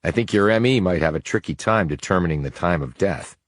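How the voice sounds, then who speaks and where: A man voicing a blunt male FBI investigator, in a whispered role-play audiobook reading, calm and flat. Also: low voice, a little fast, no echo.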